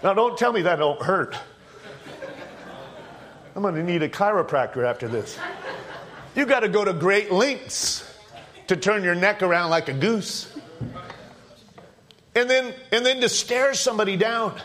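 A man's voice: high-pitched, lively intonation, unhurried, pauses often, fairly bright tone. A man preaching an informal sermon in a conversational, joking, storytelling manner.

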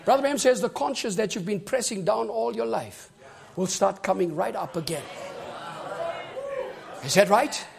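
A man preaching with an unusually high voice that climbs even higher as he shouts. He delivers a fervent sermon and keeps calling out for amens from the congregation. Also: normal speed, vocal fry, long pauses, a faint crowd.

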